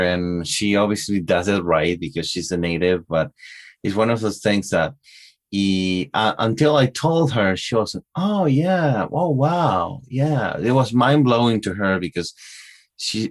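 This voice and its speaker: Argentine man, low-pitched, co-host, casual and halting with lots of fillers. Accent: Argentine Spanish. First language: Spanish. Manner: halting, many fillers and restarts. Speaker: podcast co-host. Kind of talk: casual chat.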